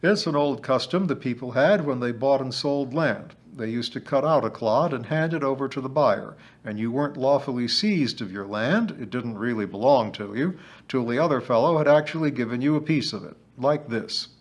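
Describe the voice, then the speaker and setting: A man's voice: medium pitch, moderate pace, highs cut off, natural voice. A man voicing a merry, boastful ancient male hill sprite in a storybook reading, hearty and emphatic. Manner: hearty, emphatic, sing-song when chanting.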